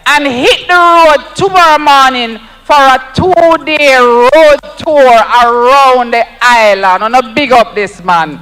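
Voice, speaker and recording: A man's voice: very high-pitched, slow pace, hardly any pauses, sharp tone, in a large hall, rough recording. A Jamaican man giving an emphatic, rousing campaign speech at an outdoor rally, repeating lines for effect. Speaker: political speaker at a rally.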